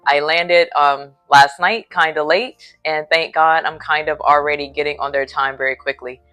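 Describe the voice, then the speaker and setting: In a relaxed hotel-room vlog, a woman who preaches retells a personal story of faith with earnest conviction, sounding a bit sleepy. Her voice is deep yet somewhat bright.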